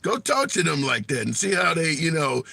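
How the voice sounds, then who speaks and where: This man's fairly high voice has a sing-song lilt, vocal fry, a sharp tone, and slight roughness, delivered at a moderate pace with no room sound. Hosting a casual livestream, he takes callers and answers comments bluntly and colloquially, offering opinions and laughing at his own jokes.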